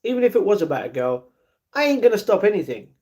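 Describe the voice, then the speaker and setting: A man's voice: high voice, big pitch swings, fast talker, dark tone. A man, livestreaming and answering chat in a downcast, blunt way. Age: 40s. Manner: downcast, blunt, reads chat messages aloud and answers them.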